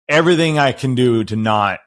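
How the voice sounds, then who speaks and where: A man's voice: medium pitch, lively intonation, brisk, a bit bright. A man hosting a podcast interview, eager and restarting his sentences often. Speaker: podcast host.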